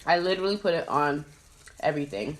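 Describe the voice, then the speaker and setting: A woman who grew up in Trinidad chats casually on a podcast while eating. Her voice sits a little low, and she laughs easily and talks with her mouth full. Faint hiss runs under the recording. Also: fast talker. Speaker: podcast host.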